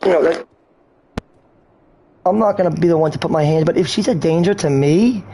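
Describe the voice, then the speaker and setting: Brief: rambling slangy male streamer, high voice, faint background noise. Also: a little fast, warm tone. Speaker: game streamer. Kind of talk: rambling casual stream talk.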